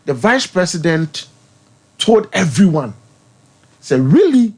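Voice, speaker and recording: A man's voice: high voice, sing-song, slow pace, a little mellow, slightly rough. A man with a Ghanaian accent, explaining his points as a panelist in a radio discussion, mixing English and Twi. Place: radio studio.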